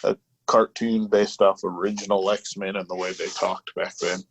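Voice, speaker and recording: A man's voice: sits low, level tone, moderate pace, slight background noise. A man co-hosting a podcast in casual chat, making short, dry remarks. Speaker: podcast co-host.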